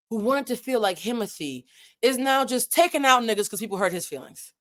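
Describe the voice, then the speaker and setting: Animated woman with a New England accent. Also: on the high side, normal speed. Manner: animated, digressive, swears freely, wide swings in loudness. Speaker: commentary channel host. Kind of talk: casual live commentary.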